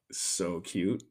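A man's voice: sits low, husky. A man hosting a podcast and talking in a rambling, chatty monologue, often swearing. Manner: rambling, chatty and profane, with frequent fillers. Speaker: podcast host. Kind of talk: casual solo monologue.

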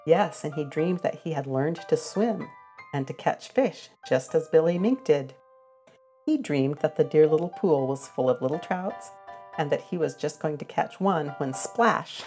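An older woman reading a children's storybook aloud, gentle and expressive with a sing-song lilt. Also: deep voice, a little slow, soft background music.

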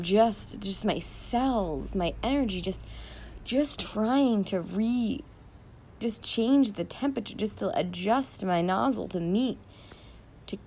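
A middle-aged woman hosting her own podcast, talking in an emotional, rambling way with many restarts and fillers. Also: medium pitch. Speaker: podcast host. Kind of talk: casual personal podcast monologue.

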